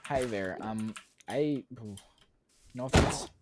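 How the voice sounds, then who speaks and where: Taking it slowly in a lowish voice, a young American man rambles and cracks jokes while responding to his gaming stream chat. The clip carries heavy background noise from loud typing and mouse clicks.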